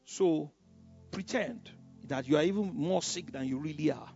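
A man voicing a scheming male friend who calmly coaxes with sly advice, in a Bible story told from the pulpit. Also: on the high side, moderate pace, husky, pitched below the performer's own voice. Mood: coaxing. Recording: dull lo-fi sound with faint music.

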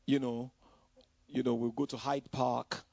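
A man's voice: mid-range voice, little pitch movement, unhurried, gravelly, warm tone, husky, no room sound. A man from Nigeria, preaching a personal testimony in a loose, conversational way with many "you know" asides. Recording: dull, dry lo-fi recording.

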